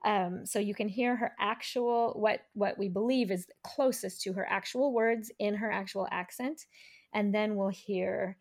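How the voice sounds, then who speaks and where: Woman hosting a chatty podcast, kinda thinks out loud, keeps restarting, medium voice. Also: medium pitch, fairly even intonation, a little slow. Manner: thoughtful, with frequent restarts. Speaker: podcast host. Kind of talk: casual chat.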